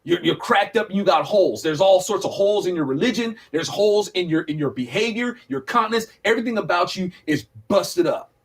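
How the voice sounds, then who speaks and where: A man hosting a casual Bible study, teaching in a lively, jokey way and acting out the scenes he reads. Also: sits high, a little fast, hardly any pauses.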